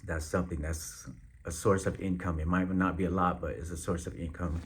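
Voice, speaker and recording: A man with a very low voice speaks straight to his viewers in a relaxed vlog. His talk is slangy and loose, with frequent pauses and fillers as he thinks aloud. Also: a little hiss or hum. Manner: laid-back, slangy, halting with many fillers. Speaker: vlogger. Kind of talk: casual direct-to-camera update.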